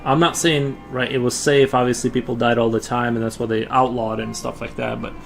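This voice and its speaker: A man's voice: medium pitch, flat delivery, a little fast, gravelly, faint music behind. A man chatting casually with his viewers while drawing on a livestream, rambling with frequent restarts. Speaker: livestream artist.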